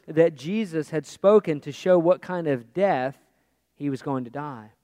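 Preacher guy reading scripture, dramatic delivery, fairly high voice, dry close sound. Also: a little slow, no echo, big-room sound. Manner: emphatic and dramatic, dropping to a hush. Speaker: pastor.

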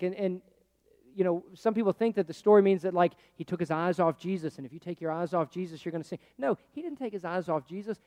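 Male pastor, sermon, high voice, chatty delivery with big shifts between loud and hushed, long hall reverb. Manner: conversational preaching, swinging from loud to hushed.

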